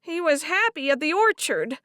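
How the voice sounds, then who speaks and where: Woman doing a young woman in tears, high and pushed, lively swings, dry close sound. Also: moderate pace, no echo. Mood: grieving. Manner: high and loud, choked with distress. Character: young woman, grieving and tearful. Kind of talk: audiobook character voice.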